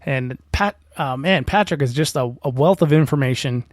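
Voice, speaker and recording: A man hosts a podcast and introduces a guest segment. His voice is mid-pitched and his delivery halting, full of small hesitations. The sound is dry and close, with no room echo. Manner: halting, many fillers, appreciative. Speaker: podcast host.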